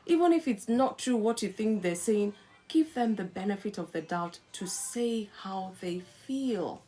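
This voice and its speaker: A middle-aged woman hosting a live-stream talk on marriage, coaching listeners in an earnest, animated way. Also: medium pitch, measured pace. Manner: animated, acts out quarrelling spouses in quotes. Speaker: host.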